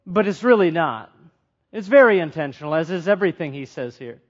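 A man's voice: on the high side, animated, a little fast. A man preaching a sermon in an earnest way, putting questions to the congregation and repeating phrases for emphasis. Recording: dull lo-fi sound.

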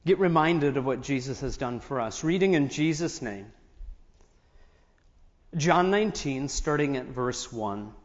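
A man's voice: mid-range voice, expressive, unhurried. A man preaching as pastor, reading scripture aloud and explaining it in asides between the verses. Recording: dull audio with long reverb in a large hall.

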